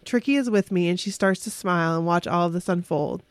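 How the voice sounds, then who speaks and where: A woman casually telling an excited, emotional story on a podcast, with restarts and quick bursts. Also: fairly low pitch, no echo.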